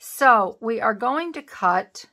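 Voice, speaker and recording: A woman's voice: on the high side, animated, slow, pushed and bright. Chatty self-teasing woman crafter. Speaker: craft channel host. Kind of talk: casual crafting vlog chat.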